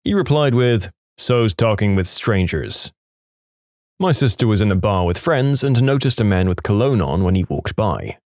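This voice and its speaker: A man reading stories aloud with a dry, deadpan delivery. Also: fairly low pitch, fairly quick, hardly any pauses, dry recording. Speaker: story narrator.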